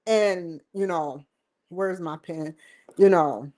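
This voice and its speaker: A woman's voice: fairly low pitch, takes it slowly, darkish tone. A woman hosting her own livestream show, rambling and joking between topics, often breaking into laughter. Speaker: host. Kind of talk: casual livestream chat.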